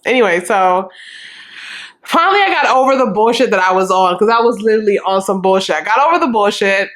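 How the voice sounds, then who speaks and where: A young adult woman vlogger telling a storytime in a frank, animated and profane way, acting out what people said. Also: mid-range voice, a little fast. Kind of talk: casual storytime.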